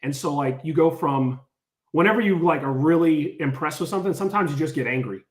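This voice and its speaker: A man tells a story in a relaxed, chatty way. He speaks in a slightly high voice and acts out the quotes. The room echoes around him. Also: a little fast. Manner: animated, lots of "like", acts out quotes. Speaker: storyteller on a podcast. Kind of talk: casual storytelling.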